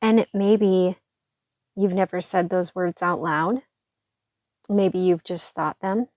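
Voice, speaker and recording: A woman's voice: lowish voice, steady tone, slow, a little mellow, dry recording. A woman hosting a devotional podcast, speaking earnestly and encouragingly with a stuffy, congested voice. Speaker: podcast host.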